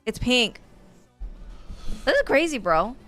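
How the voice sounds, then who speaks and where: A woman's voice: a little high, very animated, slow, a bit bright, faint music behind. A woman co-hosting a casual art live stream, upbeat and agreeable, chiming in with her own tips. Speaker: co-host.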